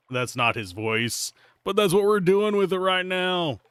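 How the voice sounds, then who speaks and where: A man's voice: sits high, big pitch swings, unhurried, few pauses, fairly bright tone, clean tone, dry recording. A man chatting casually to his livestream viewers, rambling and correcting himself as he goes. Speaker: streamer.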